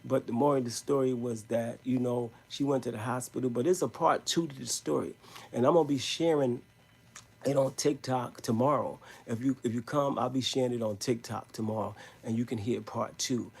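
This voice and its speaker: Gravelly, husky man, emphatic street-slang storyteller. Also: medium pitch, steady tone, fairly quick. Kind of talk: live storytelling stream.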